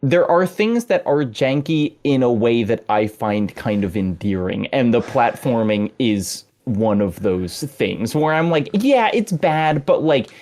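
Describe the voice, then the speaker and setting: A man on a podcast panel chatting casually about a game, in a relaxed, amused way with trailing asides. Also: medium pitch, measured pace, few pauses. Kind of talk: casual chat.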